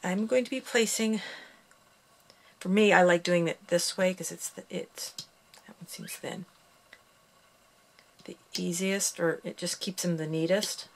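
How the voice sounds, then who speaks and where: A woman leads a casual loom bracelet tutorial, counting steps aloud and tossing in chatty asides while sounding a little out of breath. Her voice is lowish and fairly even, a little slow, with long pauses.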